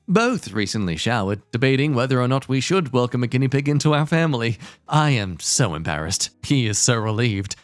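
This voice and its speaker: A man's voice: medium pitch, no echo. A man hosting a show, reading Reddit stories aloud and breaking off for sarcastic asides. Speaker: host.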